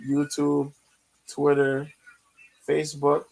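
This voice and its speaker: Gravelly man casually previewing fights. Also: on the high side, flat delivery, measured pace, rough recording. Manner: loose, rambling, lots of ums. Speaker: podcast host previewing fights.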